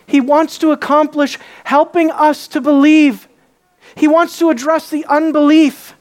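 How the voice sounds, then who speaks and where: A woman preaching a sermon, emphatic and full of rhetorical questions, dropping to a hush on key words. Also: high voice, fairly even intonation, unhurried.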